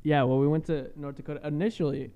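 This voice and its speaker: A man's voice: fairly high pitch, fairly even intonation, quick pace, mellow. A young man, co-host of a podcast, telling a casual story that he acts out with quoted voices and frequent laughs. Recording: dull lo-fi sound.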